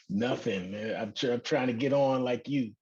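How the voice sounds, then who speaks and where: A man in casual podcast chat, with an easygoing, drawn-out delivery. The sound is muffled and lo-fi, with a dull top end. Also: mid-range voice, a little mellow, breathy edge. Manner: loose, conversational, drawn-out phrasing. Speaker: podcast co-host.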